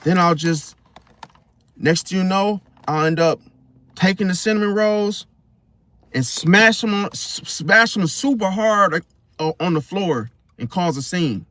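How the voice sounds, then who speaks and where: A man hosting a casual astrology monologue, talking in an animated way and often asking his listeners "See?". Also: high-pitched, a little slow. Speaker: host.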